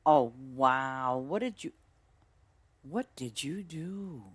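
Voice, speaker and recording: A woman streamer chatting through a farming game, excitable and chatty, exclaiming often and talking to her viewers. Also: very deep voice, slow, breathy edge, dry recording. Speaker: gaming streamer. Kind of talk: casual gameplay commentary.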